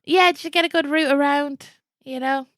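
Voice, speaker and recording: A woman from Ireland co-hosting a podcast over a video call, playful and quick to laugh. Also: sits high, fairly even intonation, fairly bright tone, no echo. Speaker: podcast co-host. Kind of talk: casual comedic chat.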